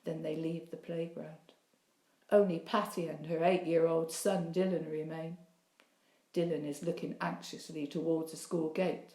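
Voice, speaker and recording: A woman's voice: flat delivery, unhurried, dark tone. A woman narrating a novel as an audiobook, lifting her voice for the dialogue. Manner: reads the dialogue with a lifted, higher voice. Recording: roomy echo.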